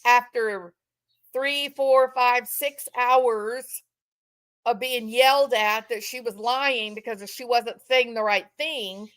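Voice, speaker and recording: A woman's voice: fairly high pitch, steady tone, slow pace, a bit bright. A woman giving impassioned true-crime commentary from home, repeating phrases for emphasis and mock-quoting others.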